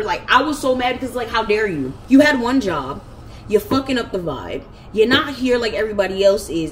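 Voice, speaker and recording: A woman vlogger tells a story in a heated, profane rant, speaking to a camera at home. Her voice sits at an ordinary pitch for a woman. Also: fairly bright tone, slight background noise. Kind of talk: storytime vlog.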